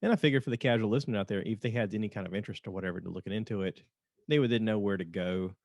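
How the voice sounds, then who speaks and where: A man's voice: lowish voice, racing, darkish tone, no room sound, studio quality. Laughing, tangent-prone man podcast host. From North Georgia, US. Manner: laughs often, drifts into tangents. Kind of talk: casual podcast chat.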